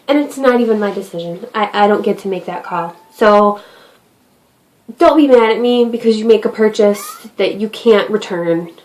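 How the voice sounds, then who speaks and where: A woman's voice: fairly high pitch, a little mellow, rough recording. A woman vlogging at home in a casual, rambling talk to camera, chatty and self-deprecating.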